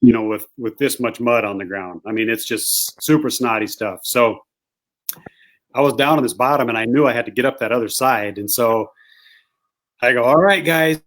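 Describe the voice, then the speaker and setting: A man guest, a hunting guide, telling a rambling, animated anecdote in casual conversation. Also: mid-range voice, moderate pace. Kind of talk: casual storytelling.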